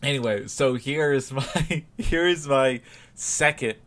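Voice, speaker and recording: A man's voice: medium pitch, slow, fairly bright tone. Male podcast co-host, easygoing rambling delivery with frequent laughter, middle-range voice. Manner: rambling, laughs often, many restarts. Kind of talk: casual chat.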